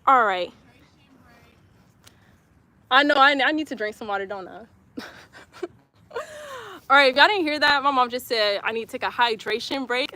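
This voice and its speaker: High, bright-voiced chatty young woman. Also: moderate pace, pauses often, slight background noise. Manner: chatty and giggly, repeats herself, talks straight to viewers. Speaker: livestreamer reading chat comments. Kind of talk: casual live-stream chat while exercising.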